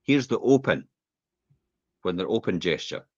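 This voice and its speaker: A man coaches emphatically in a casual podcast, his low, husky voice swooping up and down as he makes each point. The recording is dry and a little dull. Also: expressive, unhurried, no room sound. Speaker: co-host.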